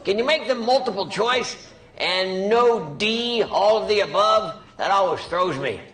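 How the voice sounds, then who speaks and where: A man's voice: high-pitched, lively intonation, measured pace, a bit bright. A man playing a confused, sleepy elderly president in a comedy sketch. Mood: bewildered. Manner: bumbling, dozy, bewildered. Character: doddering confused old male president.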